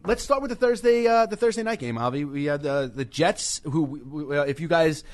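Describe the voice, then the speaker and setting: A man's voice: fairly high pitch, animated, brisk, no room sound. Rambling, stammering man co-hosting sports radio. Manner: rambling, self-deprecating, stammers and restarts. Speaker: radio show co-host. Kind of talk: casual sports radio chat. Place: small radio studio.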